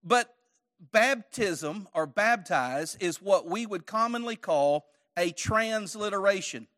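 A man's voice: high voice, lively intonation, slow, fairly bright tone. A man teaching a church Bible study lesson, conversational, quizzing his audience with questions and joking lightly.

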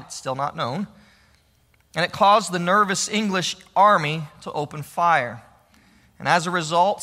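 Bright-voiced man telling history in a hall. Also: sits high. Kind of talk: historical storytelling talk. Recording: long reverb of a large hall.

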